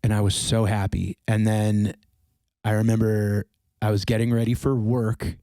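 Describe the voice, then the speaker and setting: A man telling stories in casual podcast chat, animated and swearing freely. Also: lowish voice, normal speed, no echo, clean studio sound. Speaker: podcast guest.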